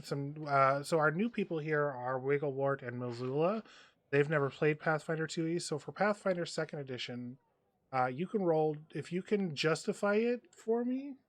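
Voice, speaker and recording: A man with a fairly high-pitched voice, captured in a dry recording, serves as game master for a tabletop role-playing game. He talks loosely and rambles, packing his speech with fillers.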